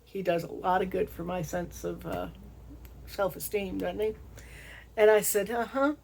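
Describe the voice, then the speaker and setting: Her voice sits in the mid range, creaky and darkish, with a little hiss or hum behind it. This middle-aged Southern American vlog host delivers a chatty monologue to her audience on camera, laughing frequently and drawing words out slowly to stress them.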